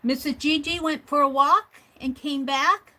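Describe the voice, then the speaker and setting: A woman's voice: high voice, fairly even intonation, a little slow, bright, forceful tone. A woman hosting a livestream, chatting casually while crafting, talking to herself and laughing easily. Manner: chatty, talks to herself and reads viewer comments aloud; frequent restarts and fillers, laughs easily.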